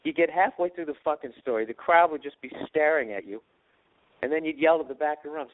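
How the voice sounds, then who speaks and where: Speaking quickly in a fairly high voice, a man hosts a podcast and spins profane, rambling stories, performing the voices of the people he quotes. There's no echo, and the sound is dry, tinny and phone-like.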